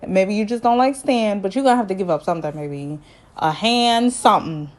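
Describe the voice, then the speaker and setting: A woman's voice: mid-range voice, a little fast. Woman, reality TV recap vlogger, sassy, slangy, acts out quotes. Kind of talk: casual sassy recap commentary.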